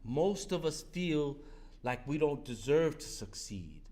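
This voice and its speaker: A man's voice: a little high, very animated, a little mellow. Blunt older New man sharing. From New York. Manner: blunt, profane, joking, with halting restarts. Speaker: recovery meeting speaker. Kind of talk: sharing at a recovery meeting.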